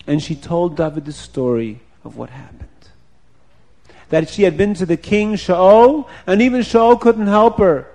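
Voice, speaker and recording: A man telling a folk tale aloud in an expressive storytelling manner. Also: high-pitched, unhurried. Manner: expressive, repeats for effect. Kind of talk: animated oral storytelling.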